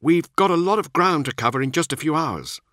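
A man's voice: fairly high pitch, lively intonation, fairly quick, a bit bright, no echo, studio quality, voice pushed up. A man voicing an earnest space marine officer, lifting his voice well above his usual register.

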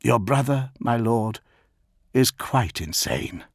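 A man voicing a solemn male counselor in an audiobook, speaking in a deliberate, certain way. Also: mid-range voice, expressive, no echo, clean studio sound. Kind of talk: audiobook character voice.

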